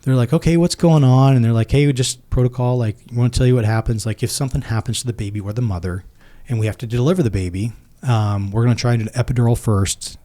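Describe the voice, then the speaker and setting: A man's voice: medium pitch, steady tone, fast talker, hardly any pauses, warm tone. A man in his forties, a military veteran and podcast guest, earnestly retelling a personal story and acting out both sides of each conversation.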